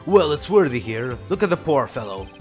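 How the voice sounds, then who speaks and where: Over faint background music, a man in his natural mid-range voice plays a jolly, overbearing older police chief. The put-on accent is odd and vaguely Canadian, and the delivery is very animated, hearty and overfriendly, with drawn-out words and a jovial mood.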